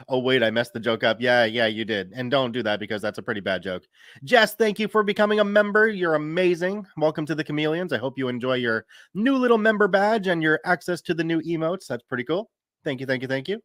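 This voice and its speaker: A man's voice: on the high side, animated, brisk, a bit bright, dry recording, clean studio sound. A man in his thirties chatting casually on a live stream, reading viewer comments aloud and laughing easily. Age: 30s. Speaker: streamer and story reader.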